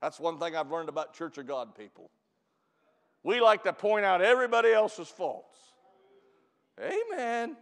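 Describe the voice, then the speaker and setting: A man preaching a camp meeting sermon as pastor. He stretches and shouts key lines to the church, then drops into quick, quiet storytelling. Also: high-pitched, very animated, big-room sound. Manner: preaches with loud drawn-out emphasis, calls out to the church.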